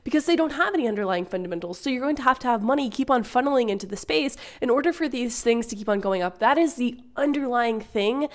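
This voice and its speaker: A young woman hosting a casual finance explainer, chatty with quick asides and a laugh here and there. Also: fairly high pitch, lively intonation.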